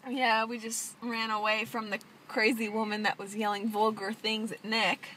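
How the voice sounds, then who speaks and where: A young woman, telling stories excitedly and laughing in a casual vlog chat outdoors. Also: fairly high pitch, normal speed. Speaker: vlog co-host. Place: outdoors, park and gas station. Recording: loud noisy outdoor camera audio.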